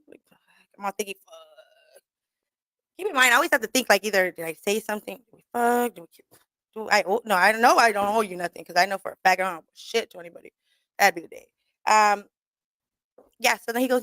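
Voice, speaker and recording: A woman's voice: mid-range voice, fast, pauses often, fairly bright tone, no room sound. A young woman hosting a talk radio show, telling stories in a casual rambling way, laughing often and swearing as she quotes people. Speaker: radio show host and comedian. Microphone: studio microphone.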